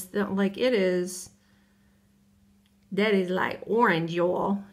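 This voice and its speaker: A woman chatting casually and excitedly while unboxing and swatching nail powders. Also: mid-range voice, takes it slowly, long pauses. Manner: bubbly, chatty, exclaims over colors. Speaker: nail hobbyist vlogger.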